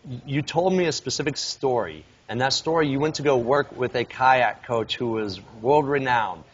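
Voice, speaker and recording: A man's voice: medium pitch, normal speed, husky. A man hosting an interview, asking questions and summarizing reflectively. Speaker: host. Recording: dull audio with faint noise.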